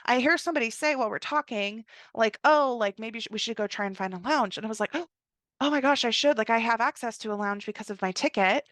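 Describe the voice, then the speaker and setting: A young woman hosting a podcast, telling a personal travel story in a chatty way, full of "like" and quick acted-out asides. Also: on the high side, no room sound. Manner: chatty, heavy use of "like", animated quoted asides. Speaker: podcast host. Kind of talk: casual storytelling monologue.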